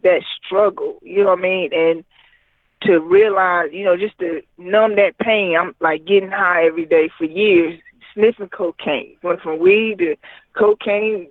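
A man with a notably high voice tells his story in a loose, rambling way, leaning on fillers. He comes through a tinny phone line with a dry sound and no room around it. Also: no echo. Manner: rambling, heavy with fillers like "you know what I mean". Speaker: guest, recording artist. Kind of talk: personal testimony in conversation.

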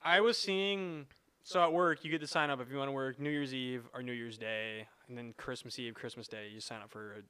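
A man co-hosting a podcast in casual chat, telling animated stories and swearing casually. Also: medium pitch, fairly quick, clean tone, dry recording. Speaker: podcast co-host.

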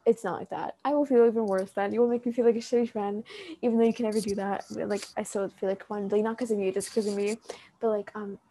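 A woman's voice: mid-range voice, fairly even intonation, fast, warm tone. A young woman talking straight to a friend in a rambling, heartfelt monologue, full of fillers and restarts, standing up as she speaks. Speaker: vlogger addressing a friend. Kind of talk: emotional casual monologue.

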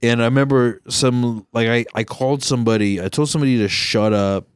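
A man hosting a podcast with crude, joking, animated storytelling in casual chat. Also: mid-range voice, fairly quick, smooth, no echo, studio quality. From Southern California. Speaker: podcast host, comedian.

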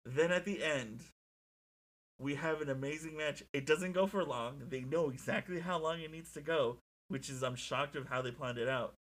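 A young man chatting casually as a podcast co-host, telling stories in an excitable, animated way with lots of swearing. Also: a little high, moderate pace. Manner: excitable, profane, animated storytelling. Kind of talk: casual chat.

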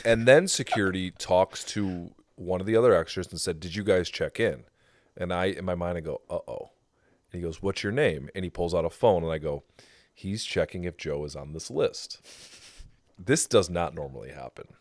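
A man's voice: low-pitched, moderate pace, no room sound, clean studio sound. A man co-hosting a casual podcast who keeps cutting in to correct and dramatize the retelling. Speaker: podcast co-host. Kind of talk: casual storytelling chat.

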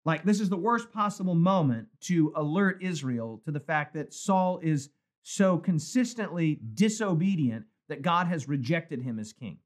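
Animated, high-voiced male pastor teaching. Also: normal speed. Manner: animated, conversational, emphatic repetition. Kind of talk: Bible study teaching. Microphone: phone or webcam for a live stream.

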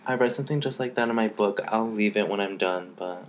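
A man's voice: fairly low pitch, fast talker, slight background noise. A man joining a casual podcast chat as a guest, laid-back and chiming in with short remarks.

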